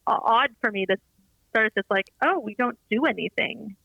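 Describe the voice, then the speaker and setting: A woman with a voice on the high side and a creaky edge speaks at a moderate pace as a podcast guest, with no echo. Over a muffled remote line she chats casually, telling animated stories and acting out quotes.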